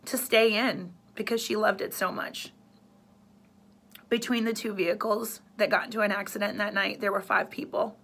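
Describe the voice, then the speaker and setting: Earnest, emotional woman with a bright voice. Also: mid-range voice, gravelly. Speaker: radio host. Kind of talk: personal story to camera.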